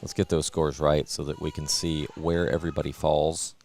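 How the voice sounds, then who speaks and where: A man with a very low voice hosts live coverage in relaxed casual chat. He jokes easily and fills pauses with small hesitations. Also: gravelly, faint music behind. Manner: relaxed, joking, with fillers. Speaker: host of live archery coverage.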